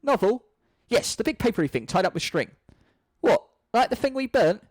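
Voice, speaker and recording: A man's voice: high voice, sing-song, moderate pace, no room sound, voice pushed up. A man reading a screenplay aloud, voicing a dim-witted, simple male servant who talks earnestly. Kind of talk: screenplay read-through.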